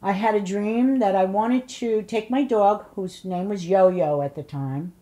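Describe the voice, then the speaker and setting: Recounting stories for an oral history, an older woman whose family were Polish immigrants is blunt and funny, performing others' lines and their swearing. The voice is mid-range and dark in tone, the pace measured.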